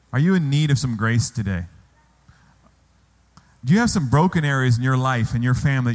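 A man preaching a sermon as pastor in a church, asking the congregation rhetorical questions. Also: medium pitch. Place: church hall. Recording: long hall reverb.

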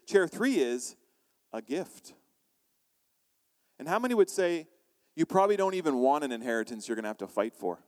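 A man preaching a sermon as pastor, animated, acting out quoted voices and asking the congregation questions. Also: fairly high pitch, normal speed, pauses often, big-room sound.

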